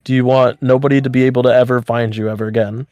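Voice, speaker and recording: A man's voice: medium pitch, level tone, fast, darkish tone, no room sound, studio quality. A man co-hosting a podcast in casual, bantering chat while plugging the show. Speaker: podcast co-host.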